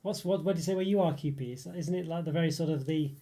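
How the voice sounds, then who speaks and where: This young livestream host from northeast England chats and rambles as he reads viewer messages, with many fillers and restarts along the way. He talks fast, and his voice is on the high side with a dark tone.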